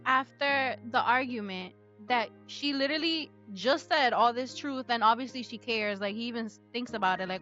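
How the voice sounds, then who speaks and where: A woman with a fairly high voice vents about a novel's love interest on a podcast, blunt and swearing freely. The audio is slightly dull, with faint music underneath. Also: normal speed, few pauses, fairly bright tone. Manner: outspoken, exasperated reactions with swearing. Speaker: book club podcast co-host. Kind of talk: casual book chat.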